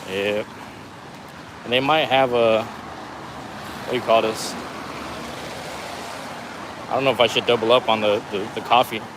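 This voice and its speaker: A man's voice: mid-range voice, background noise. A man live-streaming as he walks a city street in the rain, talking in a laid-back, rambling way full of slang, his voice a little worn. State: losing his voice. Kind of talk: casual walking live stream.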